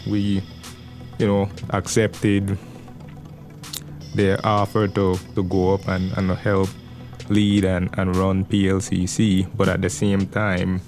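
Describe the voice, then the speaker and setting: Deep, flat-voiced pastor. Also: male voice, slow pace, soft background music. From Belize. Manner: earnest, steady, repeats small words as he thinks. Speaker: pastor, podcast guest. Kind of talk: measured conversational interview answers.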